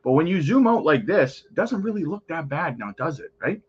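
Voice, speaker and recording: A man's voice: a little high, big pitch swings, a little fast, slightly rough, dull audio. A man hosting a crypto channel, chatting casually over market charts and often calling out to his viewers.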